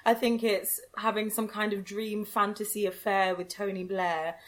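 A woman talks about preparing for her acting role. She sounds earnest and measured, with a mid-range voice. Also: mid-range voice, level tone. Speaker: actress. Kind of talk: casual interview.

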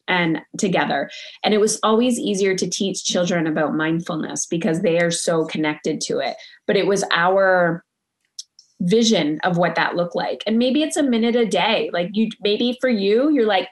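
A woman's voice: fairly low pitch, moderate pace. A middle-aged woman in casual conversation, talking in a loose, reflective way with lots of fillers.

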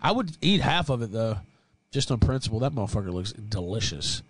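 A man's voice: on the low side, very animated, brisk, husky, no room sound. A man hosting a casual livestream, swearing freely and laughing while reacting to chat and videos. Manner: profane, laughing, opinionated. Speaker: livestream host. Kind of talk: casual live-stream chat.

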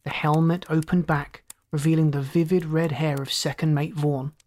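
A man narrates a science fiction story aloud, steady and measured, raising his pitch for the characters' lines. He's an audiobook narrator.

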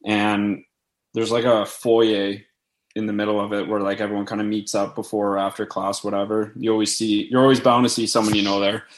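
A man's voice: lowish voice, little pitch movement, brisk. A young man from Canada, co-hosting a casual podcast and telling a rambling story with lots of fillers. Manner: laid-back, rambling with many fillers. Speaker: podcast co-host.

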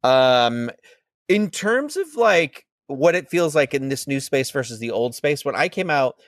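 In a dry, studio-quality recording, a man co-hosting a podcast rambles through a story full of fillers during a casual chat. His voice sits in the mid range with big pitch swings, and he speaks a little slowly.

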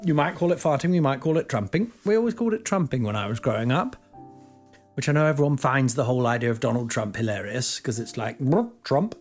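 A man in his forties rambles through a comic podcast monologue, giggling at himself. His pitch swings widely as he goes, and faint music plays beneath him. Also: fast. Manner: self-mocking, giggly, lively swings in pitch. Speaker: podcast host, comedian.

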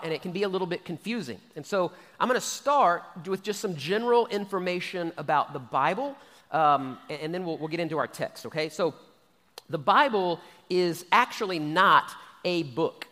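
Male pastor, high voice, chatty sermon delivery, recorded in a reverberant church. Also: fairly bright tone. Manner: conversational, frequent "okay?" and "right?" check-ins. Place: church sanctuary.

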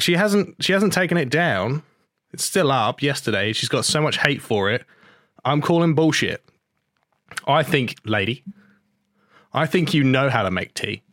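A man's voice: medium pitch, a bit bright, no room sound, clean studio sound. A man, hosting a podcast and ranting in an outraged, sweary, sarcastic way. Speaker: podcast host. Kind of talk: ranting casual podcast talk.

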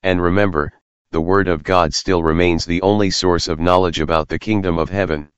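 A man's voice: deep voice, steady tone, a little fast, smooth, no echo, lo-fi sound. A man reading a scripted, earnest closing message for a religious podcast.

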